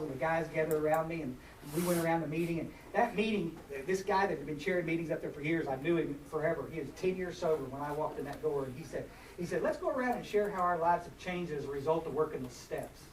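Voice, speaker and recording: A man's voice: a little high, fast talker. A man with a drawl in his forties, giving a rambling, self-mocking personal talk to a recovery meeting, with many fillers and restarts. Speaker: speaker at a recovery workshop. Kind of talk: personal share to a live group. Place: meeting hall. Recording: echoey room, far from mic, noisy.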